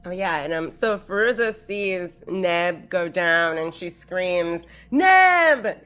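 A woman's voice: lowish voice, takes it slowly, clean tone, soft background music. A woman player in a tabletop game, animatedly describing what her character does. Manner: animated storytelling.

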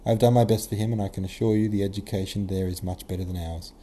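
A man's voice: fairly low pitch, fairly even intonation, fast, mellow, slight background noise, close to an everyday voice. A man voicing a crafty middle-aged male prince in a novel reading, ingratiating and persuasive. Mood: coaxing. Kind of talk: audiobook character reading.

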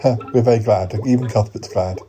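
A man's voice: mid-range voice, a little fast, dark tone. Hesitant man hosting a comedy podcast. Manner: hesitant, many ums and uhs. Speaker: podcast host. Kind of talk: comic improvised sketch.

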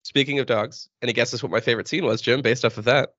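A man's voice: medium pitch, steady tone, fast, fairly bright tone, no room sound, lo-fi sound. A man in casual podcast chat as a guest, rambling with many restarts. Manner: rambling, restarts, laughs often.

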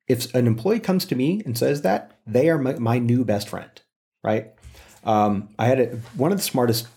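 Middle-aged man, conversational guest, lively anecdotal delivery. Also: medium pitch, normal speed, vocal fry. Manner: animated storyteller, acts out quotes. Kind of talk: casual conversation.

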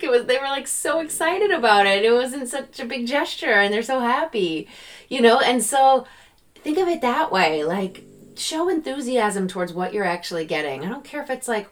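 A woman hosting a podcast on her own, talking casually and animatedly, often slipping into excited quoted gratitude. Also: a little high, a little fast. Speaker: podcast host. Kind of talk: casual solo podcast talk.

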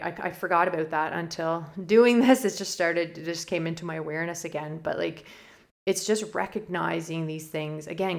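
A woman's voice: sits low, creaky. A middle-aged woman podcast host giving a candid, rambling personal monologue, near tears at times. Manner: candid, emotional, rambling with many fillers and restarts. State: close to tears.

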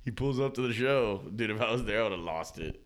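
Young male podcast co-host, lowish voice, quick joking slangy banter. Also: expressive. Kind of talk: casual chat.

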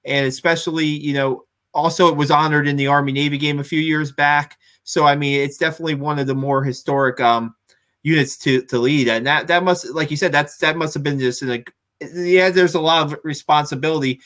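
A male podcast co-host asking questions in a halting, casual way with many restarts. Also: fairly high pitch, steady tone, a bit bright. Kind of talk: casual interview talk.

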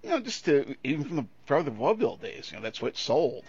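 A man co-hosting a podcast in casual chat, animated and profane, breaking into quick put-on voices as he jokes. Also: a little high, husky. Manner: animated, profane, puts on voices when joking. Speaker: podcast co-host. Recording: dull lo-fi sound.

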